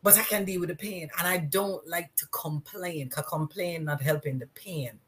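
A woman's voice: fairly low pitch, normal speed. A middle-aged woman, telling stories as a podcast guest and acting out the dialogue. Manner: lively storyteller, acts out quoted dialogue. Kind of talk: casual interview chat.

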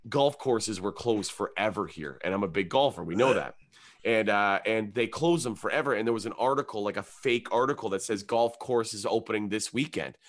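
This young adult man talks in a fairly low voice, loose and profane, in easy podcast banter. He keeps leaping up into shrill mocking voices whenever he quotes someone. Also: fairly quick. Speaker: comedian, podcast co-host. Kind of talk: casual podcast chat.

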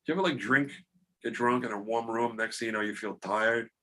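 A man's voice: mid-range voice, brisk, pushed and bright. A middle-aged man, the podcast host, telling a rambling, self-deprecating story in casual chat.

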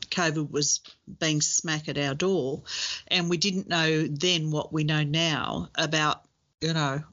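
A woman with a lowish voice co-hosts a casual podcast chat, thoughtful and quick to laugh, with hesitant fillers. Her recording sounds dull and lo-fi. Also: a bit bright. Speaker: podcast co-host.

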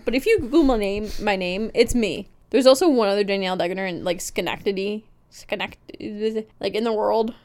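A woman's voice: a little high, a little mellow. Young woman podcast cohost, rambly, pokes fun at herself, just chatting. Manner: rambling storytelling, self-deprecating. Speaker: podcast co-host. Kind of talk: casual chat.

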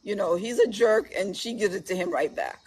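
Husky-voiced woman author, chatty. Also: mid-range voice, lively intonation, brisk, a little mellow. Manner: chatty, laughs often while telling stories. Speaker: author, guest. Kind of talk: casual chat.

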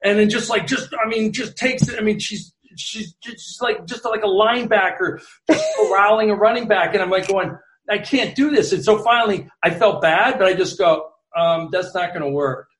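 A middle-aged man, a guest sports columnist, telling animated, rambling anecdotes in casual chat, full of restarts. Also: high-pitched, normal speed, hardly any pauses, echoey room.

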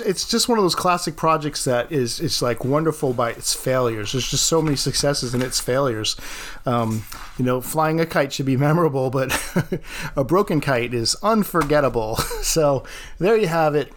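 A man who teaches art, hosting his own podcast and telling a classroom story in a casual way, laughing often. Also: on the high side.

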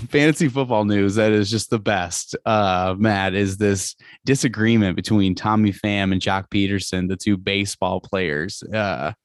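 A man's voice: on the low side, unhurried, dry recording, clean studio sound. Chatty man hosting a football podcast. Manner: chatty, laughs often, rambling with fillers. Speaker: podcast host. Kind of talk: casual podcast chat.

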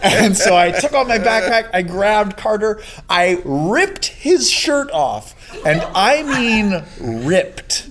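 A man hosting a casual chat, telling a story with animated energy and frequent laughter. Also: sits high, slow, hardly any pauses, background noise. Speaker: podcast host.

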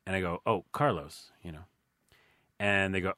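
A man's voice: low-pitched, steady tone, moderate pace, pauses often, pushed and bright, no echo, clean studio sound. A man hosting a podcast, chatting casually and telling playful stories. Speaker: podcast host. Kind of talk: casual chat.

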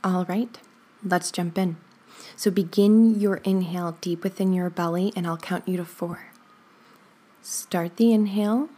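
A woman leading a guided breathing exercise, counting slowly and softly with gentle, encouraging words. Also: fairly low pitch, steady tone. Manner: slow, soothing counting with soft whispered stretches; gentle encouraging asides with light laughs. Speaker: breathing instructor.

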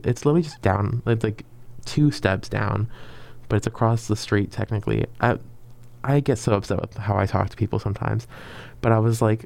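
A man's voice: lowish voice, fairly even intonation, moderate pace, creaky, a little mellow. A young man telling a rambling storytime in a chatty, filler-heavy way, dramatically acting out his own past lines. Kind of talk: casual storytime vlog.

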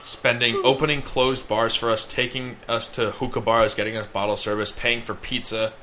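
A man's voice: medium pitch, level tone, normal speed, sharp tone, slight background noise. A young man co-hosting a podcast, telling a long rambling story in casual chat. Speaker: podcast co-host.

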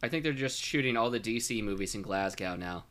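A man's voice: on the low side, expressive, a little fast, fairly bright tone. A man co-hosting a podcast in casual chat, easygoing and joking. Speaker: podcast co-host.

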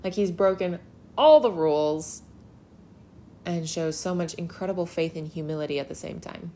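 A woman with a lowish voice teaches a casual Bible lesson, chatty and emphatic, often slipping in filler words. A faint hiss sits under her voice. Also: moderate pace, warm tone.

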